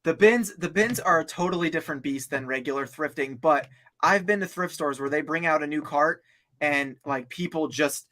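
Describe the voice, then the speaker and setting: A man's voice: on the high side, normal speed, sharp tone. A man in a casual podcast chat, earnest and giving his opinion to the audience. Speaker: podcast co-host.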